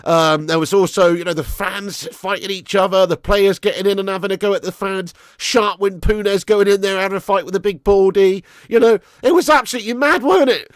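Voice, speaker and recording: A young man hosting a casual live stream, bantering excitedly with chat, swearing and laughing. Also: high-pitched, brisk, few pauses, no echo, clean studio sound. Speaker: livestream host.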